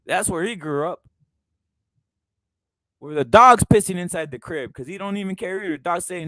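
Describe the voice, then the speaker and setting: A man hosting a live boxing talk stream who speaks in an animated, profane way, asks rhetorical questions over and over and drives his points home by repeating them. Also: sits high, normal speed, pauses often, dry recording, soft background music. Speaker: host.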